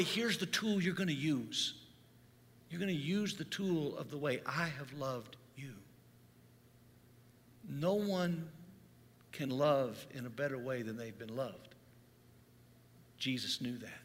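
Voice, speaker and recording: A man's voice: medium pitch, slow, pauses often. A middle-aged man preaching a sermon, telling a story in an earnest way that builds in intensity. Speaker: pastor. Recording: long hall reverb.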